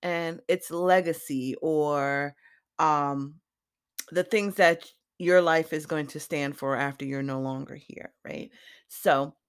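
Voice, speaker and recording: A woman in her forties hosting a podcast, talking through a personal reflection with emotion, sometimes choked up, with many pauses and restarts. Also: low voice, fairly even intonation, smooth. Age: 40s. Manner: unhurried, with many fillers and restarts. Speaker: podcast host.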